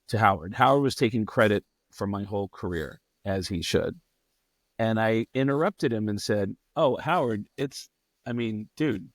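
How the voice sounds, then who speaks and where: A man's voice: mid-range voice, no echo. Man telling a profane story. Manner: profane, animated, quick to act out people. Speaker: guest comedian. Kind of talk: casual storytelling.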